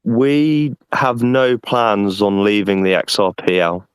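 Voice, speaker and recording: A man's voice: on the low side, expressive, takes it slowly, clear, resonant tone, no room sound. A man answering questions on an online call, earnest and often repeating words as he thinks. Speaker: guest representing a project.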